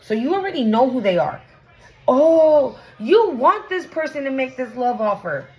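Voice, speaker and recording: A woman's voice: sits high, a little fast. A woman giving a casual tarot reading to camera, blunt and profane, talking straight to the viewer and often asking "right?". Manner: animated, often exclaims and asks "right?". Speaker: tarot reader.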